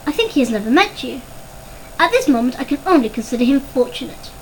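A pompous, weary father from a storybook speaks in slow, acid sentences, read aloud by a woman. The voice sits fairly high, and faint noise hums behind it. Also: very animated, poor audio.

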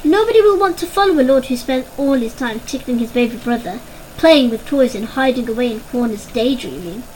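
A woman's voice: fairly high pitch, expressive, fairly quick, darkish tone, a little hiss or hum, natural voice, low-quality recording. A woman voicing a bossy older girl rabbit who scolds her younger brother. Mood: scolding. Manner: bossy, scolding, self-righteous.

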